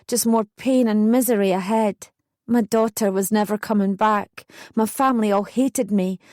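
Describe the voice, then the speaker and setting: A woman's voice: fairly high pitch, warm tone, no room sound, clean studio sound. A young woman narrating a true first-person memoir as an audiobook, intense and emotional in her retelling.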